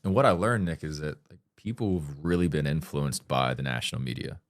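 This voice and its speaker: A man's voice: very deep voice, a little fast, no echo, clean studio sound. A man speaking as a podcast guest in a casual interview, blunt and candid, swearing freely and talking with earnest emphasis.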